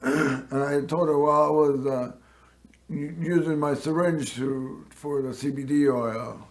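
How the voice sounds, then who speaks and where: A man hosting a local TV show, telling a personal story in a rambling way and often clearing his throat. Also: on the high side, fairly even intonation, a little slow. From Northern California. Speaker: host.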